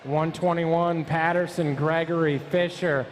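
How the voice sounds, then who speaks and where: A man's voice: fairly high pitch, fairly even intonation, slight background noise. A man announcing a live BMX race, rattling off rider names, numbers and nicknames as they hit the track. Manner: rapid-fire calling of rider names and numbers.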